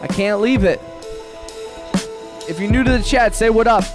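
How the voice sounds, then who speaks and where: A man hosting a music production livestream, chatting casually in an upbeat, rambling way, giving quick shout-outs and restarting his sentences. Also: sits high. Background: his own beat playing.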